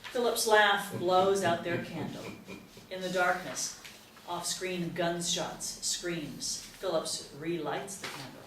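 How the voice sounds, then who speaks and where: A woman reading a screenplay's stage directions aloud in a crisp, matter-of-fact way. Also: lowish voice, takes it slowly, fairly bright tone. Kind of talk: screenplay table read narration. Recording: roomy, distant mic, faint hiss.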